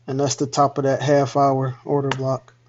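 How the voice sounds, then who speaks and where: A trading educator casually explains chart levels during a live screen-share walkthrough, pointing them out on screen. His medium-pitched voice is monotone, normal in speed and a little mellow, captured on a dull lo-fi mic with slight hiss or hum.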